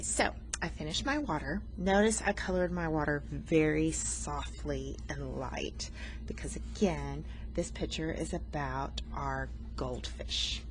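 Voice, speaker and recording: Woman, art teacher, low voice, patient explaining, faint hiss behind. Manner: patient, explanatory, self-teasing. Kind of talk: art lesson narration while coloring.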